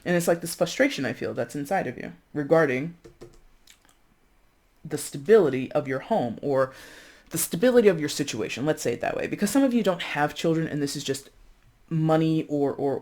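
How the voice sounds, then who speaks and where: Casual, laughing tarot reader, mid-pitched, chatty with playful asides. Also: expressive, moderate pace, a little mellow. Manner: chatty, laughs often, frequent "right?" and "like"; playful asides, drops into mock voices. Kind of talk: casual tarot reading monologue.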